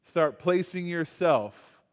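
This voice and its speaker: Man, chapel speaker, casual animated sermon delivery, slightly high voice, long hall reverb. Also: slow. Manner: animated, conversational preaching with acted-out quotes. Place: university chapel.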